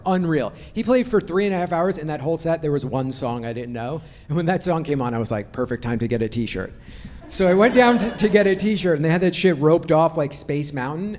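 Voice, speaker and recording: On a comedy club stage, a brash male comic delivers a stand-up set in a high, animated voice, spinning profane, punchy stories. Audience laughter fills the background of this noisy club recording.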